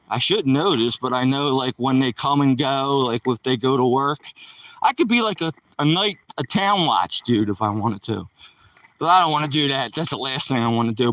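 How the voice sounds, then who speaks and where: A man's voice: a little high, a bit bright, no echo, distant mic, low-quality recording. A man live streaming while he walks his dog on a rural dirt road, chatting loosely with the viewers in his chat.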